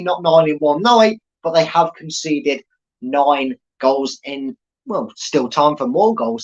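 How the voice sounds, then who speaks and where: A man's voice: on the high side, muffled recording. A man hosting a fan channel, giving live watchalong commentary in a chatty, rambling way with many fillers and restarts.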